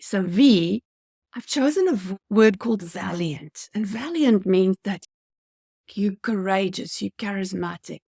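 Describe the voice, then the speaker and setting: A woman's voice: medium pitch, gravelly, a little mellow, dry recording, studio quality. A woman giving a motivational customer service training talk, earnest and coaching, speaking straight to her viewers.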